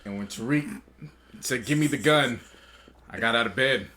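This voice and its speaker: A man's voice: medium pitch, normal speed, bright, forceful tone, a little hiss or hum. A man co-hosting a podcast, casually telling a story about watching an episode, joking in a dry way. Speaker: podcast co-host. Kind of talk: casual chat.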